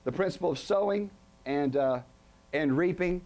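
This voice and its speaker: A middle-aged man preaches to a congregation in a tent, his voice sitting a little high. He keeps asking "what?" so the crowd fills in the end of his sentences. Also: moderate pace, a little mellow. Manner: call-and-response questions to the congregation. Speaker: pastor. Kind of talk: sermon.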